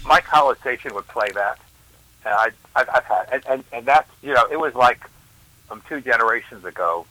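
A man chatting on a radio show as a regular guest, rambling and restarting his sentences in quick bursts. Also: medium pitch, expressive, sharp tone, no room sound, rough recording. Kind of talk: casual on-air banter. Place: radio studio.

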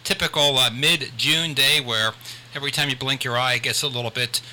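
A man's voice: medium pitch, fairly even intonation, brisk, bright, forceful tone, poor audio. An older man hosting a radio talk show, chatting in a rambling way with many restarts. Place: radio studio.

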